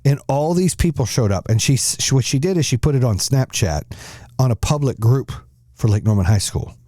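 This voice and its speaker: A man's voice: mid-range voice, fairly quick, no room sound, studio quality. A middle-aged man hosting a podcast, telling a story in casual chat with lots of swearing and acted-out quotes. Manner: animated, profane storyteller acting out quotes. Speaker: podcast host.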